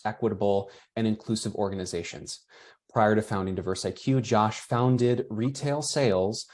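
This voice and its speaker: A man's voice: on the low side, a little mellow. A man hosting and moderating an online webinar, chatting casually and reading out attendee comments as he goes.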